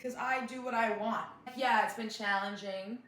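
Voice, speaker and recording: Eating as she talks, this twenty-something vlogger rants through a storytime, leaning constantly on "like" and "whatever." She speaks fairly high and fairly bright at a normal pace, her intonation mostly even. There's an echo from the room and slight background noise.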